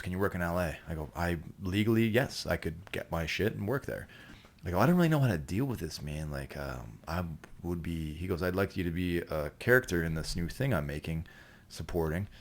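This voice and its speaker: A man with a very low, deep voice tells a story in casual podcast chat. He rambles and swears freely, with sudden loud, laughing bursts. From Canada. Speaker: podcast guest.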